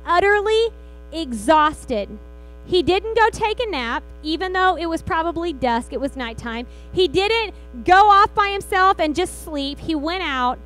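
A woman's voice: high-pitched, a bit bright, low-quality recording. A woman pastor, preaching a sermon in a church and telling the story with acted-out quotes. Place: church sanctuary.

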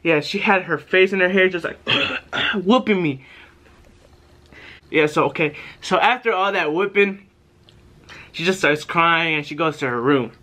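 A young man telling a casual, profane story to his viewers, animated and acting out what people said. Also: fairly high pitch, unhurried, pauses often. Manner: animated, profane, acts out quotes. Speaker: vlogger.

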